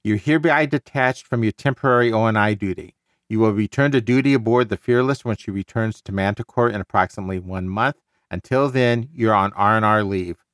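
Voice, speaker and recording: A stern female navy admiral, as a man reads her out in his own plain voice, measured and firm, dry close sound with no room around it. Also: fairly low pitch, a bit bright, dry recording, lightly acted. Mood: brisk. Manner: read aloud plainly.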